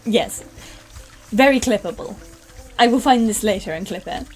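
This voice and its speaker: A woman's voice: a little high, moderate pace, faint music behind. A young British woman streaming a game, rambling and chatting casually with some swearing. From United Kingdom. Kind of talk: casual gaming stream chat.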